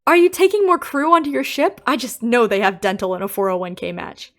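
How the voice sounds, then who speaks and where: Animated, opinionated woman YouTuber. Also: on the high side, a little fast. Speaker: game theory YouTuber. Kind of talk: casual video commentary.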